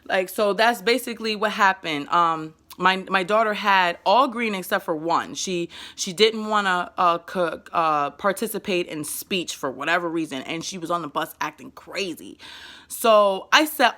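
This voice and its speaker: A young woman with a New York accent talks straight to the camera in a vlog. Her voice is bright and forceful. She talks fast and with emphasis, tripping over and repeating words as she gives parenting advice. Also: lowish voice. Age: 20s. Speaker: parenting vlogger.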